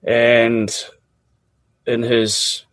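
A man's voice: medium pitch, completely flat delivery, very slow, fairly bright tone. A middle-aged man with a New Zealand accent, casually and animatedly telling a personal story, often laughing.

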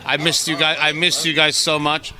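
A man's voice: fairly high pitch, little pitch movement, normal speed, pushed and bright. A man co-hosting a podcast, talking in a brash, profane, teasing way. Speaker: podcast co-host. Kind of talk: casual chat.

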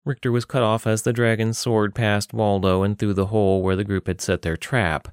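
A man reading a fantasy story aloud in a steady, measured way. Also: fairly low pitch, clean tone, dry recording, clean studio sound. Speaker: narrator. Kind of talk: fantasy audiobook narration.

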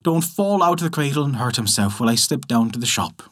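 A man voicing a worried farm mother giving quick, practical instructions. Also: mid-range voice, lively intonation, lightly acted. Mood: hurried.

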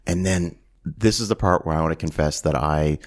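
A man's voice: extremely low pitch, moderate pace. A man co-hosting a podcast, casually retelling a film scene and jumping into put-on voices for quoted lines. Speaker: podcast co-host. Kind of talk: casual movie-review chat.

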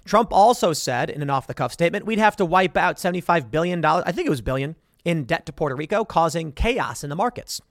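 A man's voice: a little high, expressive, quick pace, no room sound, studio quality. A man hosting a political commentary show, reading headlines aloud and mocking them with sarcastic emphasis.

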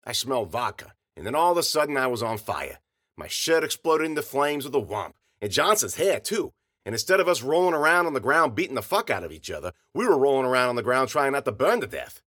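A man narrating a first-person story in a wry, hard-boiled deadpan. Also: mid-range voice, fast talker.

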